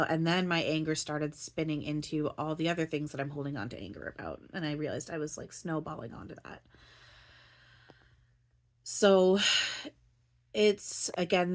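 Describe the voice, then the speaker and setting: A woman talking through her feelings in a rambling personal monologue, filling her talk with "like" and "you know", at times close to tears. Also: sits low. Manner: rambling, full of "like" and "you know", restarts often. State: near tears, voice breaking. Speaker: spiritual channeler and vlogger.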